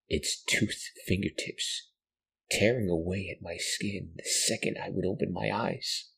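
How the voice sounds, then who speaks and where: Deep, gravelly male horror narrator. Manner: slow, hushed, dramatic storytelling. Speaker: podcast narrator.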